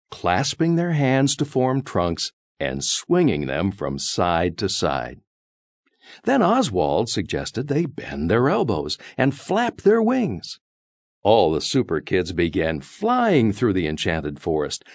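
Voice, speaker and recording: Male storyteller for a children's read-aloud, lower voice, unhurried and highly expressive delivery, dry booth sound. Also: no room sound. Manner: animated, sing-song storytelling with high squeaky voices for the kids.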